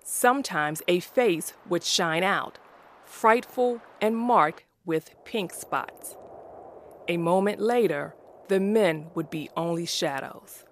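Slow, deliberate woman narrator. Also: on the low side, a little hiss or hum. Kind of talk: audiobook reading of a classic story.

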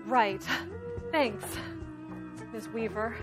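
An American woman in a scripted English lesson dialogue, speaking clearly and a little apologetically. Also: a little high, fairly even intonation, very slow, over music. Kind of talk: slow scripted dialogue for learners.

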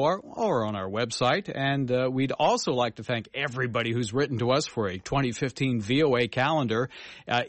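A man hosting a radio program, reading listener comments in a relaxed, conversational way with some fillers. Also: mid-range voice, dry recording. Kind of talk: broadcast listener mail segment.

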